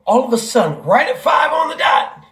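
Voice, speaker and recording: A man, a father, telling a family story in a casual vlog, animated and profane, acting out what people said. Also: very high-pitched, moderate pace, roomy sound. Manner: animated, profane, acts out quotes. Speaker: vlogger, father.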